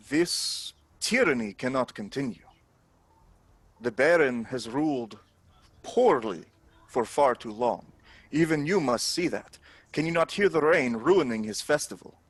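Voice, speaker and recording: A high-minded dwarf adventurer, as a man voices him, urging in a formal, earnest tone. His voice sits at an ordinary pitch. The sound is close and dry. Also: a bit bright, no room sound. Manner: persuasive, formal speech. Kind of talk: in-character tabletop role-play.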